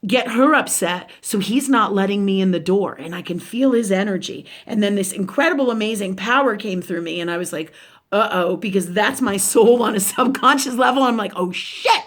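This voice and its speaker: A woman hosting her own spiritual livestream, retelling a personal confrontation in a casual, profane, animated monologue. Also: medium pitch, fairly quick, few pauses.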